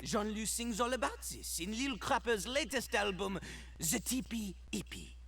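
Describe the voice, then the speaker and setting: A man's voice: high voice, expressive, moderate pace, fairly bright tone, husky, heavily acted. A man voicing a cocky, crude male toilet rapper who raps and talks about himself in the third person, in a video game. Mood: boastful.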